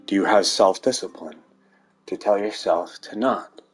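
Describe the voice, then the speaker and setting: A man's voice: low-pitched, measured pace, slightly rough, soft background music. A man rambling to viewers in a sardonic monologue, swearing and laughing at his own jokes. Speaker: vlogger.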